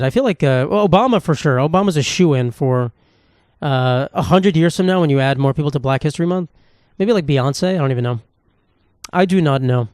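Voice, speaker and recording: A man's voice: medium pitch, a little mellow, no echo, clean studio sound. A man hosting a solo comedy podcast, rambling in a casual, sarcastic and profane way. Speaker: podcast host.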